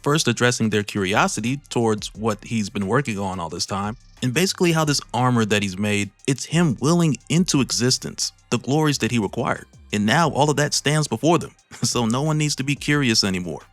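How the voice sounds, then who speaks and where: A man's voice: mid-range voice, lively intonation, brisk, dry recording, soft background music. A man casually recapping a comic story with laughing, slangy asides, recorded on a close mic.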